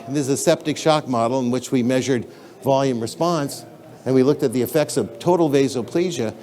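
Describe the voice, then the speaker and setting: A man's voice: medium pitch, a little mellow. A man giving a conference lecture in a lecture hall, talking in an emphatic, blunt and conversational way, addressing the audience directly.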